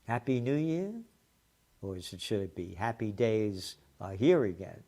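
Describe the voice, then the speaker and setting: A man's voice: on the low side, expressive, unhurried, mellow. A man, a trends forecaster and publisher, delivering a combative ranting commentary with profane, mocking asides and emphatic repetition. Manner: emphatic, repeating words as he builds a point.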